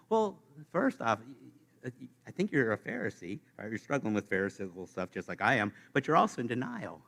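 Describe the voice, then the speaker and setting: A man preaching a sermon to his congregation, playful and animated, speaking straight to the listeners. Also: medium pitch, fairly quick, creaky. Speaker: pastor. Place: church sanctuary.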